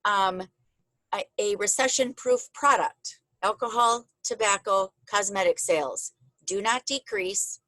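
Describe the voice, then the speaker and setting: A woman's voice: mid-range voice, measured pace, pushed and bright, no room sound, poor audio. A woman hosting a casual video call, chatty and openly emotional with her guests. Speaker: host.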